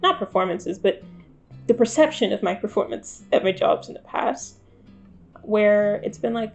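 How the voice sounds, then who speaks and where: A woman's voice: mid-range voice, expressive, a little slow, gravelly, lo-fi sound. A woman in her twenties talking candidly to camera in a vlog, wry and self-deprecating. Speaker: vlogger. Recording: faint guitar music behind.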